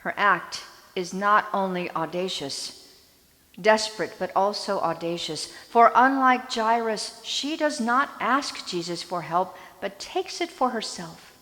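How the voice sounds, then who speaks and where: A woman pastor delivering a sermon, retelling a story in a slow, deliberate storytelling manner. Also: mid-range voice, expressive, bright, forceful tone, in a large hall. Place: church sanctuary.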